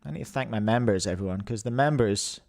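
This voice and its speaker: A man's voice: lowish voice, fast talker, darkish tone. Chatty New Zealand man hosting a live stream. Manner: chatty, jokey, reads out chat names. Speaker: podcast host. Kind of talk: casual live-stream chat.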